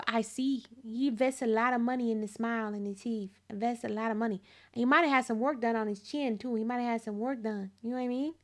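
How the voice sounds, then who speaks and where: A woman hosting a gaming channel, reading game dialogue aloud and reacting to it in animated, laughing commentary. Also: on the high side, fairly quick. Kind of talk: let's-play commentary.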